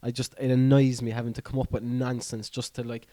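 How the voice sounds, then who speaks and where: A man's voice: mid-range voice, level tone, a little fast, mellow. A young Irish man co-hosting a casual podcast chat, laid-back and emphatic, tagging lines with slang. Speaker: podcast co-host.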